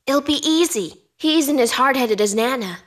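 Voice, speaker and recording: A woman's voice: high voice, lively intonation, normal speed. A woman voicing a scheming, self-assured woman in a dubbed drama, smug and calculating. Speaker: dub actor.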